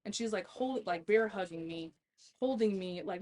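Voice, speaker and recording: A woman's voice: mid-range voice, moderate pace, a little mellow. A woman guest on a podcast, telling stories in a casual chat, laughing often and swearing freely.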